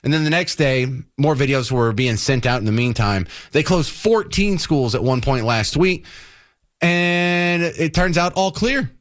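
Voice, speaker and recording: Sarcastic talk radio host. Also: male voice, fairly high pitch, a little slow. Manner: sarcastic, exasperated ranting. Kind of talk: opinionated talk radio monologue.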